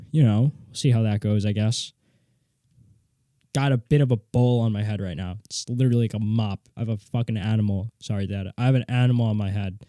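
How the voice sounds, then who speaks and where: A young man hosting a solo podcast, telling a story in a rambling, animated way, swearing casually, from a home studio. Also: lowish voice, no room sound. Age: young adult. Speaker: podcast host. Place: home studio with guitar and mixing board.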